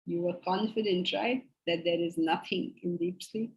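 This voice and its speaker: A woman's voice: on the low side, steady tone, moderate pace, a little mellow, low-quality recording. A woman teaching a philosophy class, making emphatic points and putting rhetorical questions to her students. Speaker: spiritual teacher.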